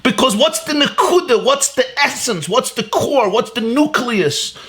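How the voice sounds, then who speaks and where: Animated man giving a Torah lecture. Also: very high voice, a little slow. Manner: animated and emphatic, rhetorical questions, repeats key words; mixes Hebrew and Yiddish terms into English. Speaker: rabbi teaching a class.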